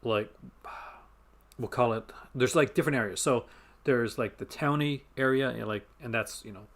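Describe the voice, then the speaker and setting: A man's voice: medium pitch, moderate pace, fairly bright tone. Rambling Canadian man chatting on stream. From Newfoundland, Canada. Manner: rambling, self-interrupting, chuckles often. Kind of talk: casual live-stream chat.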